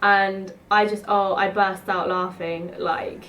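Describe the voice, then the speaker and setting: A woman's voice: medium pitch, level tone, takes it slowly, few pauses, a bit bright. A woman, telling rambling stories to camera in a chatty way, full of "like". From South East London. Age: 20s. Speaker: student vlogger. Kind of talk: casual storytelling to camera.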